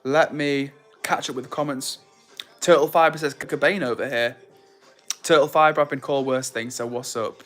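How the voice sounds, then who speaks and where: Upbeat guy reading livestream chat. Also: on the high side. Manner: upbeat, friendly, shouts out viewers by name. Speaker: livestream host.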